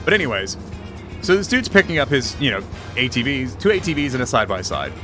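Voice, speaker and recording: A man's voice: medium pitch, very animated, quick pace, over music. A man streaming a game, telling rambling, profane work stories in casual chat. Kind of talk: casual chat while gaming.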